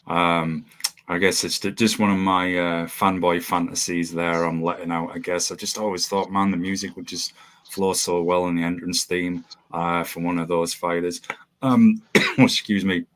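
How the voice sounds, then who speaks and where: A man's voice: deep voice, completely flat delivery, normal speed, a bit bright. A man hosting a podcast interview, rambling with lots of ums and restarts over a video call. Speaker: podcast host. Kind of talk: casual interview chat.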